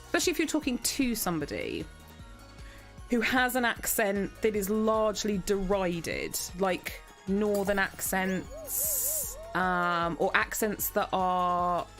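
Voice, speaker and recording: A woman's voice: mid-range voice, very animated, slow, a bit bright, faint music behind. A woman from England chatting casually and a little tipsily while streaming a game. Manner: chatty, giggly, a little tipsy. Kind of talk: casual gaming chat.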